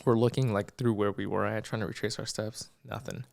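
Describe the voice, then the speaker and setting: A young man, a podcast co-host, telling a story in casual chat, animated, acting out the people in it and swearing freely. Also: lowish voice, fairly quick, gravelly.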